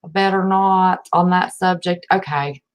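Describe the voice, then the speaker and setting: Lower-pitched Appalachian woman, livestream host, folksy and chatty, greets viewers warmly by name. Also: steady tone, measured pace, clean tone. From West Virginia. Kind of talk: casual livestream chat.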